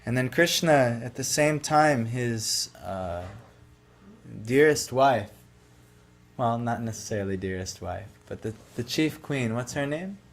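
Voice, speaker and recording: A man's voice: mid-range voice, animated, unhurried, soft background music. Man telling a devotional story casually. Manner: loose, conversational, lots of "like" and "you know". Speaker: devotional speaker.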